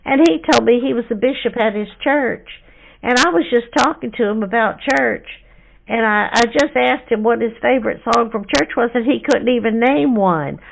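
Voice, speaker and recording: A woman's voice: a little high, normal speed, creaky, background noise. A woman playing a sassy churchgoing woman who bluntly calls out a phone scammer. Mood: suspicious. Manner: blunt, teasing, suspicious. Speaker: scam baiter. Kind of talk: prank phone call.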